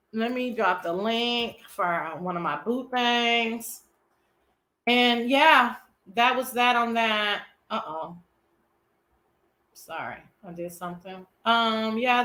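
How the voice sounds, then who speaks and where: Woman host, bright voice, sassy and foul-mouthed, echoey room. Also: mid-range voice. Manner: sassy, profane, playful. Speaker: show host. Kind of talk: casual live-stream chat.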